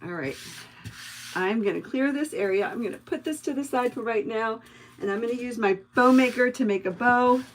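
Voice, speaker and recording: A middle-aged woman hosts a craft livestream, chatting casually and telling meandering stories to viewers while she works, addressing them by name. Her fairly high voice moves at a moderate pace, and the audio is poor, with some hiss or hum.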